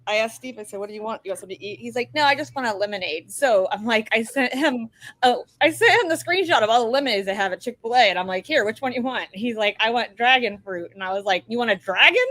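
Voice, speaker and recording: A woman's voice: fairly high pitch, lively intonation, fast, fairly bright tone. A woman chatting casually, teasing the others and rambling through anecdotes. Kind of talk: casual chat.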